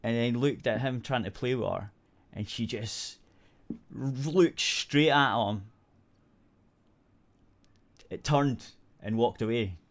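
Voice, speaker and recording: A Scottish man hosting a radio show, rambling through a story in casual chat and swearing freely. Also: medium pitch.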